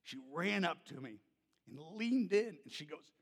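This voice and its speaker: A male pastor telling a story in a sermon, loud and animated, then dropping to soft, gentle tones. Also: high voice, normal speed, breathy edge, big-room sound.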